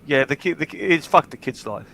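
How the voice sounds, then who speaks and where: A man hosting a livestream, telling stories in casual chat, swearing freely and getting animated in bursts. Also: fairly high pitch, fairly quick, vocal fry, slight background noise, low-quality recording. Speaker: livestream host.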